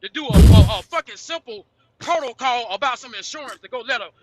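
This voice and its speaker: Defensive man talking fast and stammering. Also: very high-pitched, expressive, heavy background noise. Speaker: guest caller. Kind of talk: heated argument.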